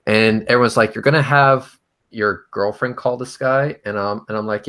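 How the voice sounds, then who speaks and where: A man with a fairly low voice tells a story in easygoing livestream chat. He swears freely and delivers jokes with a dry edge. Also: fairly even intonation, normal speed, a bit bright. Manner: profane, storytelling, dry humor. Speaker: show host.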